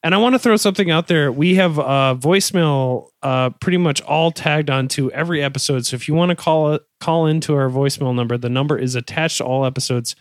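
A man hosting a casual podcast, reading out plugs and teasing his co-hosts in a relaxed, playful way. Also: fairly high pitch, fairly quick, hardly any pauses, no echo, clean studio sound. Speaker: podcast host.

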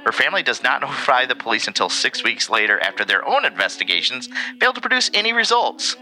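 A man's voice: medium pitch, fast, low-quality recording. A man co-hosting a casual podcast, reading a history segment with joking asides. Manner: animated, reads facts with joking asides. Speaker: podcast co-host.

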